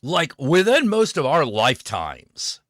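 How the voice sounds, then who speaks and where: A man's voice: fairly high pitch, huge pitch swings, unhurried, fairly bright tone, dry recording, clean studio sound. A man hosting his own stream, ranting in a sarcastic, profane way about politics. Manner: swearing, sarcastic, fired-up. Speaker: streamer host.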